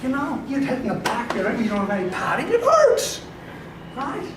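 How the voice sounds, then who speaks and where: A man giving a lively motivational sports psychology talk to a live audience, laughing often, acting out quoted voices and checking in with "right?". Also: very high voice, moderate pace, background noise. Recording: echoey hall, miked from far off.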